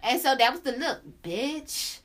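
High, bright-voiced woman podcast host. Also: normal speed. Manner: animated, profane, sings out la la la asides. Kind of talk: casual storytelling chat.

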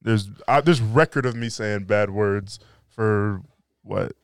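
A man's voice: fairly low pitch, takes it slowly, clean tone, dry recording, studio quality. Laid-back young male podcast host. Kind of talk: casual chat.

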